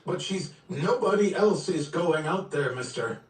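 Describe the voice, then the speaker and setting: A man's voice: a little high, a little slow, voice pushed up. A man reading aloud plays an eager, poetic-minded scientist who speaks with enthusiasm. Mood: urgent. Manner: enthusiastic, lively. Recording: roomy, distant from the mic.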